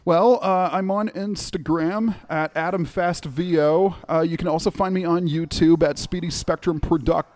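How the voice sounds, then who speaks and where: A man talking as a podcast guest about his voice acting work, in an easy and animated way. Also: fairly high pitch, moderate pace, hardly any pauses. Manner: animated, slips into playful accents. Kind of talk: casual interview chat. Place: remote interview, podcast.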